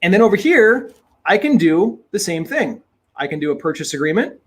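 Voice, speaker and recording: A man teaching real estate investing in a webinar, talking in an emphatic, energetic way and repeating his key points. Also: sits high, normal speed. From Minnesota.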